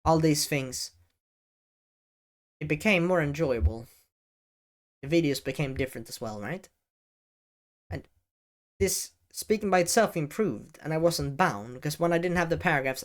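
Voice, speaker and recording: A man who makes educational videos, giving advice straight to the camera in a deliberate way, with pauses and stress on key words. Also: a little high, lively intonation. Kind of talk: talking-head advice vlog. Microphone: camera-facing setup.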